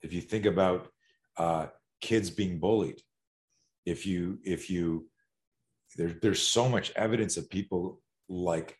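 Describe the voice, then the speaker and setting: A man with a fairly low voice talks like the fight coach he is, in a loose, conversational flow. He tells stories with energy, drops the odd curse word and often starts his sentences over. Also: takes it slowly. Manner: animated storyteller, swears, frequent restarts. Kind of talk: casual podcast conversation.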